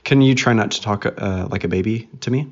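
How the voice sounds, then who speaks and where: A man in his thirties chatting casually with his young daughter on a podcast, patiently explaining things through questions and gentle teasing. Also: on the low side, a little fast. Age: 30s. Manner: patient explainer who asks questions and teases. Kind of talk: casual family chat. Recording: dull lo-fi recording.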